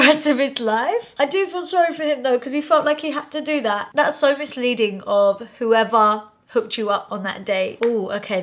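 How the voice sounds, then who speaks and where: A young woman with a slightly high voice talks viewers through her makeup. She chats casually and reacts with lively, animated asides, and she calls her audience babe and honey. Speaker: makeup vlogger. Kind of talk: casual chatty makeup tutorial.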